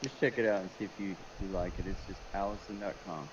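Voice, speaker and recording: Deep-voiced man giving friendly advice. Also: fairly even intonation, fast. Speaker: chat guest. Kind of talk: casual chat. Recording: lo-fi audio with crowd noise behind.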